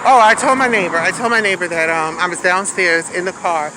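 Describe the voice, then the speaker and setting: A woman's voice: lowish voice, fairly quick, noisy background. A woman telling a candid, sassy storytime in a casual vlog, recorded outdoors on a city street with a handheld phone. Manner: candid, sassy, says "honey" and "baby". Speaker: vlogger.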